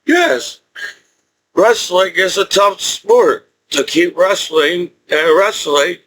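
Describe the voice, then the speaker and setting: A man's voice: high voice, animated, slow, a bit bright, a little hiss or hum, low-quality recording. A middle-aged man telling rambling personal stories in a casual monologue, chuckling often and repeating himself. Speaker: military veteran vlogger.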